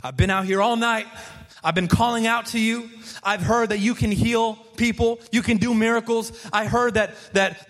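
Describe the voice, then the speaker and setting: A man's voice: extremely high pitch, fairly bright tone, pitched above the performer's own voice. A preacher, a man, voicing a desperate mother who pleads urgently for her sick daughter.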